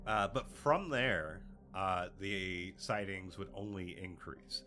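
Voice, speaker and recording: A man co-hosting a podcast, reading out sighting reports with frequent fillers and animated asides. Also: sits low, slow. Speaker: podcast co-host. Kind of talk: casual chat and reading sightings.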